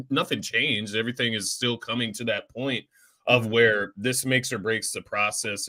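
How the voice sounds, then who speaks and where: A man's voice: lowish voice, sharp tone, no room sound. A man co-hosting a sports talk show, earnest and fan-like, often stammering into his points. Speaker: co-host of a sports podcast.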